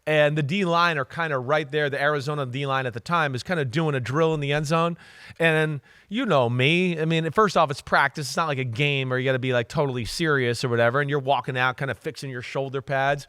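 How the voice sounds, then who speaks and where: Animated man telling football stories. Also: fairly high pitch, a little fast, clean tone, no room sound, studio quality. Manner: animated storytelling, loud exclamations. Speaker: co-host, former NFL quarterback. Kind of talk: casual sports chat.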